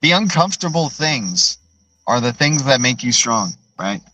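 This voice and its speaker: A man's voice: medium pitch, big pitch swings, a little slow, sharp tone, no room sound, faint music behind, poor audio. A man hosting a live stream in a loose, rambling way, tagging his points with "right?" and answering viewer chat as he goes. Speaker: livestream host.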